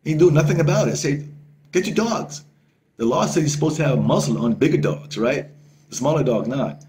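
A male travel vlogger telling a story to camera in a casual, excitable way, swearing freely and repeating himself. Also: medium pitch, fast, a little hiss or hum.

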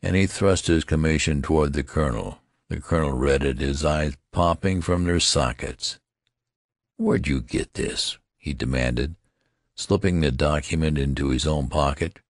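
Very deep, gravelly male narrator. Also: moderate pace, no echo, studio quality. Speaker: audiobook narrator. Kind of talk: scripted audiobook narration.

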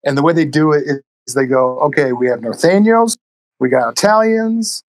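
A man telling stories casually on a podcast as a guest, animated and profane, acting out the people in his stories. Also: on the high side, moderate pace. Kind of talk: casual storytelling.

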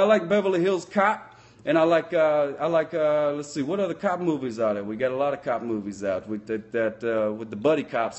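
Folksy, speeder-obsessed male sock-puppet cop, voiced by a man, pitched a bit high, rambling in a comic live-stream chat. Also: natural voice. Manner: folksy, rambling, loose grammar.

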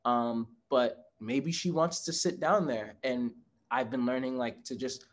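A man's voice: mid-range voice, a little slow. Earnest man in casual chat. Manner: earnest, reflective, laughs often. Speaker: guest. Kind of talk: casual conversation.

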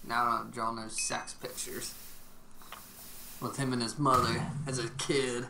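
A woman's voice: very deep voice, flat delivery, a little slow, pushed and bright. A woman co-player chatting casually during a game, telling crude jokes and stories. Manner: crude joking, laughing storyteller. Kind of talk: casual gameplay chat. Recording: roomy, distant and noisy.

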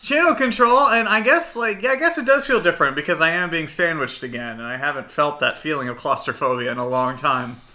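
A male host teases his co-hosts in loose banter, laughing often. His voice is very bright, a bit high, and swings lively in pitch. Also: fast talker, few pauses. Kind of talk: casual podcast banter.

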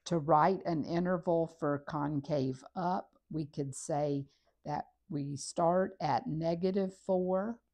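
A woman's voice: deep voice, slow pace. A woman teaching a recorded math lesson, talking methodically through each step while she works on a graph. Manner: steady, methodical, talks through steps while writing.

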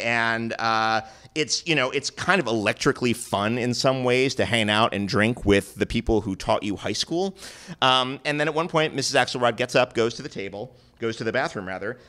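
Animated, profane male storyteller. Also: mid-range voice, brisk. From New York City. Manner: animated, profane, self-mocking, acts out quoted voices. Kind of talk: live comedic storytelling. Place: stage at a live storytelling show.

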